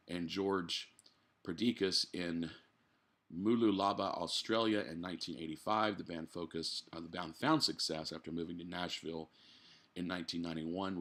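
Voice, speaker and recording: A man's voice: low-pitched, fairly bright tone. A man hosting a podcast from his living room, reading a news article aloud and breaking off for blunt, profane asides while he drinks. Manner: blunt, swears freely, drinks while talking. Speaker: podcast host.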